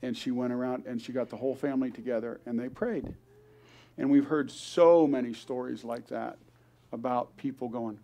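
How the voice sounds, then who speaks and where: A man's voice: mid-range voice, steady tone, moderate pace, warm tone. An older man, a grandfather, telling an earnest story at a church service, acting out the voices of the people he quotes. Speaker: guest speaker.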